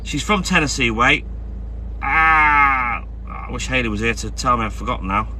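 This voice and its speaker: A man's voice: mid-range voice, normal speed, bright, forceful tone, a little hiss or hum. A man chatting casually on a live stream, greeting viewers by name. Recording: music playing in the background. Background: music.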